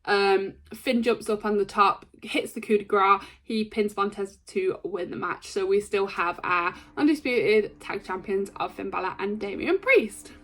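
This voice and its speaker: A woman giving a casual, rambling recap of a wrestling show, excitable and full of ums and likes. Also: medium pitch, unhurried, hardly any pauses.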